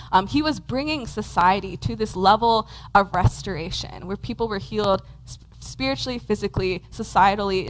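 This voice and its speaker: A woman's voice: a little high, fairly bright tone, a little hiss or hum, rough recording. A woman preaching a conversational sermon in a church, talking casually with lots of "um" and "like". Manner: casual, many fillers like "um" and "like". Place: church hall with a congregation.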